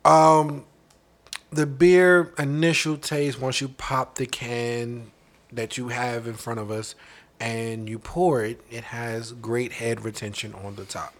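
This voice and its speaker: A man co-hosting a casual podcast, giving a thoughtful, measured review and often checking in with "right?". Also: medium pitch, level tone. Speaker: podcast co-host.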